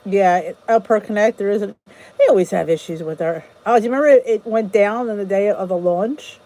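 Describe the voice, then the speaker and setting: A woman hosts a casual livestream chat, greeting viewers by name and answering their comments in a rambling, chatty way, often restarting her sentences. Her voice is medium-pitched and mellow, and she talks a little fast. The recording is rough.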